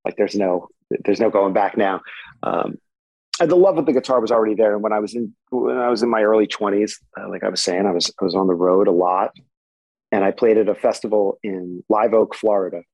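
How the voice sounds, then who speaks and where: A man in his forties, a guitarist guest, telling stories in a relaxed, chatty way with many fillers. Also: fairly low pitch, fairly quick, no room sound, highs cut off. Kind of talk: conversational storytelling. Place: home. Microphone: remote recording.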